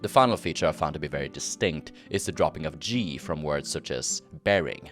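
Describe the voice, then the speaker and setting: Scandinavian guy w a super deep voice, reading a history script slow and careful, soft guitar in the back. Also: expressive. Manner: measured and explanatory, slows down to pronounce example words. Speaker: history video narrator. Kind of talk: scripted documentary narration.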